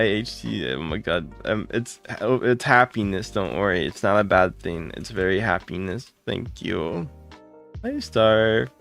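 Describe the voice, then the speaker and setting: A man's voice: on the low side, creaky. A man streaming live, greeting viewers by name and gushing his thanks in casual chat.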